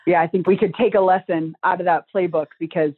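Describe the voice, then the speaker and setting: A woman's voice: lowish voice, steady tone, quick pace, breathy edge. A woman speaking as a guest on a podcast, earnest and reflective, explaining advice with everyday images. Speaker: guest, communication trainer. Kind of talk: podcast conversation. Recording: tinny phone-like line.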